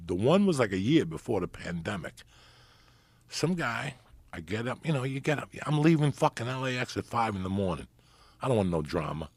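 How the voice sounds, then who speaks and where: A middle-aged man hosting a podcast, telling profane, animated stories in casual chat. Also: medium pitch, fairly quick, breathy edge, no room sound. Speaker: podcast host. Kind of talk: storytelling chat.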